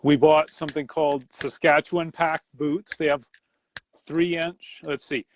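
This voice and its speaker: A man co-hosting a podcast, explaining plainly in casual chat with some halting. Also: a little high, flat delivery, a little hiss or hum. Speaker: podcast co-host.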